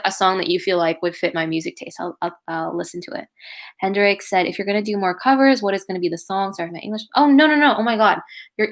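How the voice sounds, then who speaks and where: A woman's voice: mid-range voice, a bit bright. Chatty young woman hosting a livestream. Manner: chatty and gushing, many "like"s and "oh my God"s. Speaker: livestream host and cover singer. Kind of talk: casual livestream chat reading comments.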